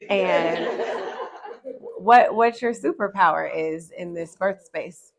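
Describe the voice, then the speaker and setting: Woman from oakland hosting a round table, excited, laughs a lot, lowish voice. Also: takes it slowly, crowd noise. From Oakland, California. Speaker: host and doula.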